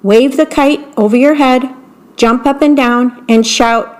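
A calm, wise frog from a storybook who keeps encouraging his friend, as a woman reads him. The voice sits fairly high and unhurried, with a steady, patient manner.

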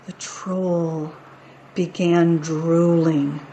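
A woman reading picture books aloud as a storyteller, in a playful, expressive way. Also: deep voice, extremely slow, slight background noise, low-quality recording. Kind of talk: picture book read-aloud.

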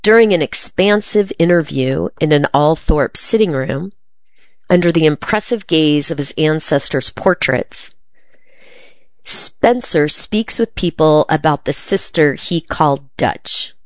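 A woman reading a magazine interview aloud in a measured, even delivery. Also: low voice, no room sound, highs cut off. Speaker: article reader.

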